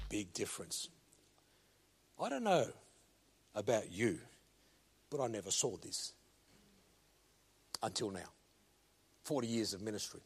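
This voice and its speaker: An older man preaching a sermon, slow and emphatic, swinging between loud commands and quiet low asides. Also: big pitch swings, breathy edge.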